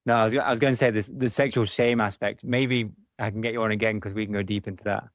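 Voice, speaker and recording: A man with a low voice who leads the interview, quick and direct when he steers the conversation. The recording is dry and close, with no sense of the room. He keeps up a steady stream of brief affirmations while the guest talks. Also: no room sound. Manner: brisk, with frequent short affirmations. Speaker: podcast host. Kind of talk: interview hosting.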